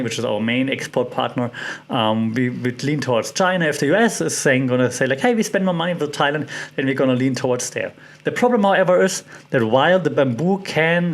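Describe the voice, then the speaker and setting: A man hosting a solo podcast, thinking aloud with many fillers and restarts and putting questions to his listeners. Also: mid-range voice. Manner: curious, puts questions to listeners. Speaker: podcast host. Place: lives in Thailand.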